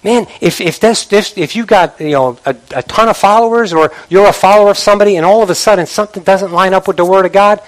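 A man preaching a sermon as pastor, animated, repeating words for emphasis and mimicking idle chatter. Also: sits high, fast talker, few pauses.

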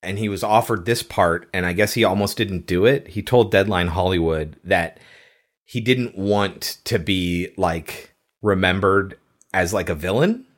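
A man hosting a casual podcast chat about a horror film, chatty and quick to laugh. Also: deep voice. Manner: conversational, quotes film lines, laughs easily. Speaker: podcast host.

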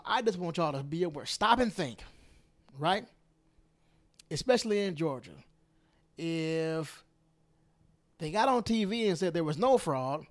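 A man delivers a podcast monologue in a fairly high, very animated voice. He hammers his points home by repeating phrases, now loud, now hushed. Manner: emphatic, repeats phrases for stress, swings between loud and hushed. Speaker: podcast host. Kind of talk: opinionated political monologue.

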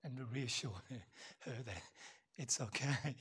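A woman preaching an Easter Sunday sermon in a conversational way. She often drops to near-whispers and then pushes into loud, emphatic lines, and she repeats words and fills pauses as she thinks aloud. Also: rumbling low, slightly rough. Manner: repeats words and adds many fillers while thinking aloud.

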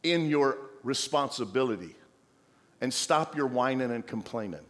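A man's voice: mid-range voice, animated, moderate pace, long reverb tail. A male pastor preaching a sermon, exhorting the church with playful asides and mock voices of the congregation.

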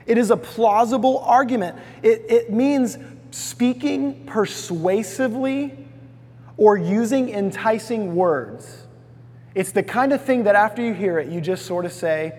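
Preacher, man, high husky voice, folksy sermon, long reverb. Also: a little slow, a little mellow. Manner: folksy storytelling, asks congregation to repeat words. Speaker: pastor.

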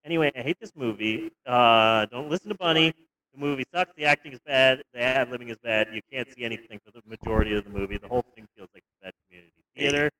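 A young man co-hosting a podcast, telling stories in a rambling, animated way with stumbles and restarts. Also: medium pitch, quick pace, rough recording. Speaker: podcast co-host. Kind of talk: casual comedic movie review chat.

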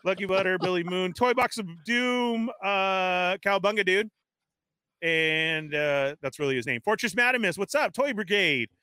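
A man hosting a casual live stream, energetically reading out viewer shout-outs one after another. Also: high voice, moderate pace, clear, resonant tone, dry recording. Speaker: livestream host.

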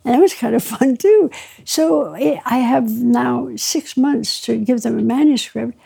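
Woman author, warm mid-high husky voice, animated storyteller who laughs through her tales. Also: a little slow. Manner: lively raconteur, mimics dialogue, laughs often. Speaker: author being interviewed. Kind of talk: anecdotal storytelling.

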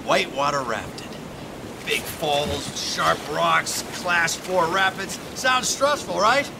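A man playing a brash macho outdoor-store pitchman in a comedy ad sketch, blustering and mocking. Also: slow pace, vocal fry, noisy background.

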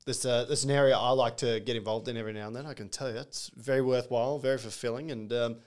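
Upbeat, joking male podcast host, average pitch. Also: steady tone, quick pace. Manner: upbeat, jokey, playful. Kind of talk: casual podcast interview.

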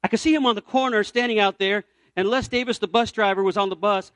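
Male evangelist from Puerto Rico, high voice, dry close sound, storytelling sermon, shifts from loud to hushed. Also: fast talker, dry recording. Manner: animated storyteller, swings from loud cries to near-whispers. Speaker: evangelist preacher.

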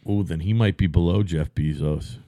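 A man's voice: low voice, moderate pace, mellow, dry recording, studio quality. A man in his fifties with a Boston accent, swearing freely in blunt casual banter. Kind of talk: casual chat.

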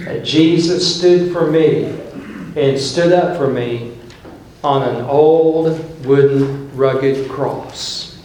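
A man's voice: a little high, darkish tone, a little hiss or hum. A male pastor preaching a sermon, emphatic, and painting scenes as he tells the story. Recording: very echoey church room.

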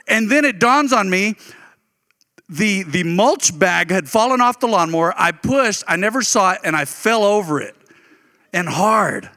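High-voiced, animated preacher in a big hall. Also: male voice, normal speed. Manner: animated, folksy, jumps into higher pitch when excited. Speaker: pastor. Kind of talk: sermon with personal storytelling. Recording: reverberant hall.

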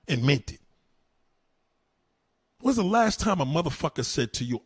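A man's voice: a little high, sing-song, brisk, husky, dry recording. A man doing a heated, mocking, heavily profane rant on his live stream. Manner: heated, mocking, swears constantly.

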